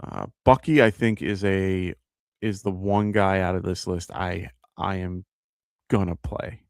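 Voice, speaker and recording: A man's voice: low-pitched, fairly even intonation, a little slow, vocal fry, dry recording, clean studio sound. A man with a New York accent hosting a live fantasy football show, chatting casually, thinking aloud with fillers and reading out viewer questions. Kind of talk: live-stream fantasy advice chat.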